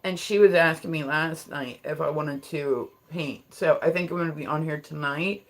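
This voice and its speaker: A Delaware streamer in early adulthood speaks at normal speed in a steady tone to a live chat. Their ordinary, mid-pitched voice is loose and casual, heavy on fillers and often breaking into laughter.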